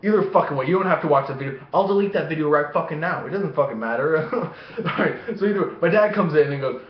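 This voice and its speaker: Young adult man, profane rambling storyteller, animated delivery, fairly high voice, dull echoey home recording. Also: fast. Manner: heavy swearing, animated acting-out of voices. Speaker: vlogger. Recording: echoey room, dull lo-fi sound.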